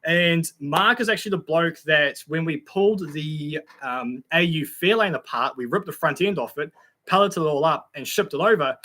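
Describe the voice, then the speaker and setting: A man's voice: on the high side, normal speed, pushed and bright. A young Australian man hosting a casual live stream, chatting in a friendly way with many fillers and greeting viewers by name. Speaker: YouTube channel host reading live chat.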